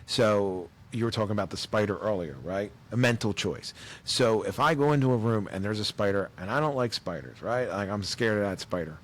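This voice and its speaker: A man's voice: fairly low pitch, a little fast, hardly any pauses. A man, a comedian chatting on a podcast and telling stories with acted-out voices. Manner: animated storyteller, acts out voices. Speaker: comedian guest. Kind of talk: casual podcast chat.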